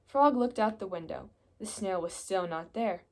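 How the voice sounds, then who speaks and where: A young woman reading a children's picture book aloud, telling the story in a steady, gentle way. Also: mid-range voice, normal speed. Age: young adult. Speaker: reader.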